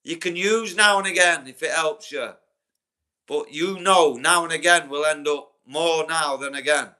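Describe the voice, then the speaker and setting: Brief: young Yorkshire man, livestream host, blunt and profane, bright forceful tone. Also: fairly high pitch, unhurried. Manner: blunt, sweary, talks straight to chat viewers by name. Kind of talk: casual livestream chat.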